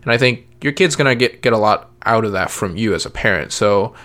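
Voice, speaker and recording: A man's voice: on the low side, fairly quick, fairly bright tone. A man talking casually about parenting and cars, rambling with many fillers and restarts. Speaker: parent podcast guest. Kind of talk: casual chat.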